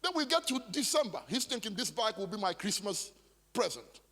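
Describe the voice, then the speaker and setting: A man's voice: high-pitched, very animated, brisk, bright, forceful tone. A man preaching a sermon as pastor, with emphatic repetition and stammered restarts. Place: large church hall. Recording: long church hall reverb.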